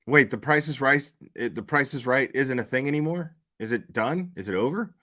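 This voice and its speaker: A man's voice: mid-range voice, animated, moderate pace, pushed and bright. A man hosting a commentary channel, talking casually and profanely, rambling and answering his chat.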